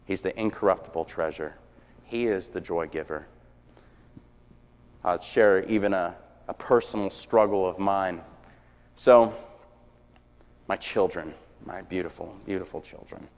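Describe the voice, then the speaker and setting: A man preaching a sermon, telling stories with energy that swings from hushed to shouting. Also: low voice, measured pace, long pauses. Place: church sanctuary. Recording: long church reverb.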